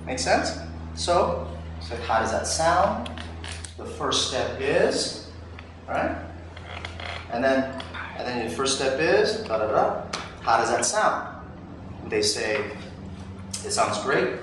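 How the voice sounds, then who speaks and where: A man's voice: medium pitch, takes it slowly, long pauses. A man teaching a live sales training session in a coaching manner, acting out what salespeople and customers say. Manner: animated, coaching, acts out customer lines. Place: training room. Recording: far-off mic in an echoey room, faint noise.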